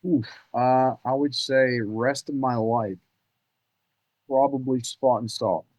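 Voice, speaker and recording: A man guesting on a podcast, telling hunting stories in an animated, excitable way with casual cursing. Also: mid-range voice, slow pace, no echo, poor audio. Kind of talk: casual storytelling chat.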